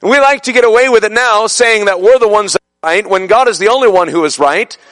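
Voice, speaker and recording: A man preaching a fervent sermon, building to shouted peaks. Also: high voice, fast. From son of a Brooklyn man.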